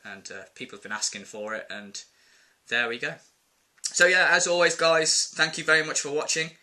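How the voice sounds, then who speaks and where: A man's voice: a little high, normal speed, bright, forceful tone. A man ranting casually to camera in a vlog, exasperated and rambling, with plenty of filler words. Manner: exasperated, rambling, quotes people in put-on voices. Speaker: vlogger.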